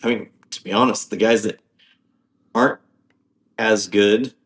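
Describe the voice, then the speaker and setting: A man's voice: fairly low pitch, fairly even intonation, a little slow, a bit bright. A man guesting on a podcast, talking casually in a rambling, hesitant way with many ums and restarts. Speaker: podcast guest, off-road driver.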